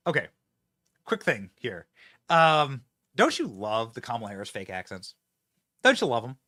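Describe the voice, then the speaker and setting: Male commentator, mocking and sarcastic, bright tone, very animated delivery, dry sound. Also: medium pitch, moderate pace, dry recording. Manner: mocking, sarcastic, laughs often. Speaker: political show host. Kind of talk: opinionated political commentary.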